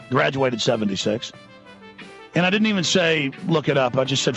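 A man hosting a talk radio show, rambling in an agitated way with bursts of shouting. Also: medium pitch, lively intonation, fast talker, creaky, lo-fi sound, soft background music.

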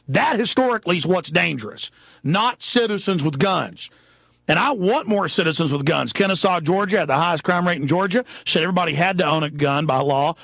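A man in his thirties hosting a talk radio show, ranting fast and heatedly. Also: fairly high pitch, gravelly, a bit bright, no echo. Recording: dull lo-fi broadcast audio.

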